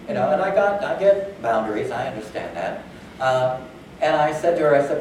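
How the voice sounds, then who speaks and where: A man talks to a conference crowd in a relaxed, conversational way, dropping fillers and voicing the people he quotes. His voice sits at a middle pitch and comes from some way off the mic. The hall rings with heavy echo, and a faint hum runs underneath. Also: a little fast. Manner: conversational, many fillers, acts out quoted dialogue. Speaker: conference speaker. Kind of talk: conference talk. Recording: echoey hall, far from the mic.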